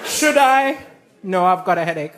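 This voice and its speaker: High-voiced man doing stand-up. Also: moderate pace, a loud crowd. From Malawi. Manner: animated, exaggerated punchlines and acted-out voices. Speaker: stand-up comedian. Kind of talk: stand-up comedy set. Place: large theatre stage. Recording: roaring live audience, noisy stage mic.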